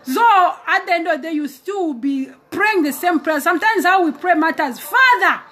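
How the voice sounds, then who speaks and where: A woman's voice: very high voice, brisk, fairly bright tone, slight background noise. A woman preacher giving an exhorting sermon, acting out prayers and conversations with God. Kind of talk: casual sermon video.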